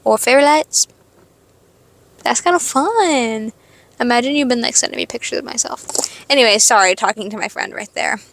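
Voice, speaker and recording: A young woman vlogging from her parked car, telling a story in a chatty, animated way, full of "like" and sudden squeals of excitement. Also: on the high side, moderate pace, pauses often. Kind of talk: casual storytelling chat. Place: parked car in a parking lot.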